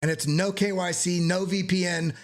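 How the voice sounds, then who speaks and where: A man hosting a live crypto trading stream, joking and energetic as he walks through charts, swearing casually now and then. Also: high voice, moderate pace. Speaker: crypto trading channel host.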